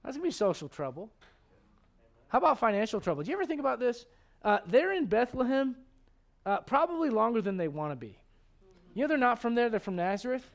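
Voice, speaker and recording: High-voiced animated male pastor. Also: fast. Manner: animated, joking, acts out quoted voices. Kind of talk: sermon.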